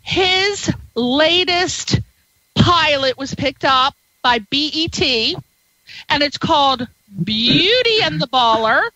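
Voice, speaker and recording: A woman's voice: high voice, lively intonation, takes it slowly, sharp tone, no echo, lo-fi sound. A middle-aged woman hosting a radio interview show, bubbly and flirtatious, hopping from topic to topic. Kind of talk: radio interview, chatty and playful.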